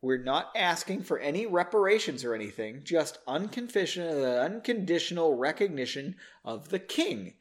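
A man's voice: a little high, sing-song, moderate pace, hardly any pauses. A man doing a polite young male aide. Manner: courteous, quiet.

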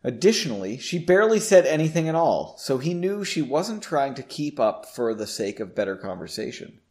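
A man's voice: mid-range voice, sing-song, normal speed, darkish tone. A man hosting a podcast in a home basement studio, reading his own story aloud and breaking off for joking, self-deprecating asides.

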